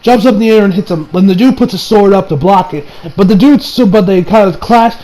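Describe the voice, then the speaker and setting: A man giving a casual recap and review of an anime episode, animated and exasperated, laughing and swearing as he talks. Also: high voice, fairly quick, low-quality recording.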